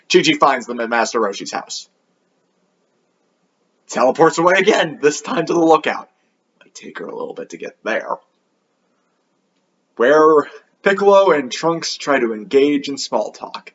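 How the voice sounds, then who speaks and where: A man's voice: a little high, lively intonation, moderate pace, pauses often, fairly bright tone, breathy edge, muffled recording. A man hosting a comedic anime review show, sarcastic and swearing freely.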